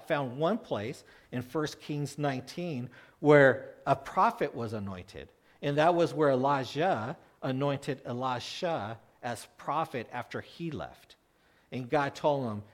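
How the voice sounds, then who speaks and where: A man preaching a conversational sermon, animated, asking his listeners questions and acting out the people in the story. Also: medium pitch. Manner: animated, asks the congregation questions; acts out quoted voices, with frequent restarts.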